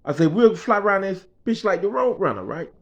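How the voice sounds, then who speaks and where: A Bahamian man tells a story from his own life in casual, profane slang, acting out what others said and repeating phrases for rhythm. His high voice is sing-song, brisk and a bit bright. The lo-fi recording sounds slightly dull.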